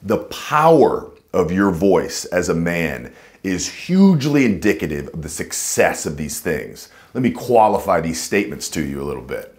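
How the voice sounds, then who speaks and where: A man coaching viewers to camera, speaking emphatically and dropping into a low chest voice to demonstrate. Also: big pitch swings, normal speed. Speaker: dating and voice coach. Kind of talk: instructional talk to camera.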